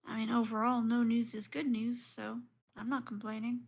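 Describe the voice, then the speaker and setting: A woman's voice: fairly high pitch, moderate pace, vocal fry. A woman playing a tabletop game, casual and joking with the game master. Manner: relaxed, joking asides. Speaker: player.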